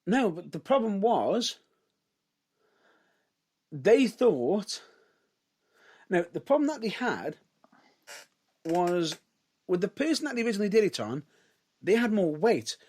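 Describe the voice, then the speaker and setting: Speaking slowly and pausing often, this high-pitched man co-hosts a podcast about wrestling in a casual way. He hedges what he says, frequently starts over, and his delivery rises and falls with energy.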